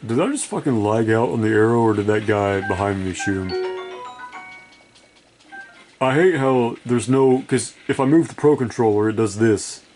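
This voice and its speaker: Soft background music sits under his lowish, darkish voice, which moves at a moderate pace. The tired gaming video creator rambles casually while he plays a video game, cursing and running himself down.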